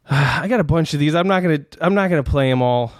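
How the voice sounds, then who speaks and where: In a clean studio with no room sound, a man with a slightly high voice talks fairly quickly while hosting a comedy podcast. Playing a doctor, he reads out made-up diagnoses, laughing, rambling and frequently starting over.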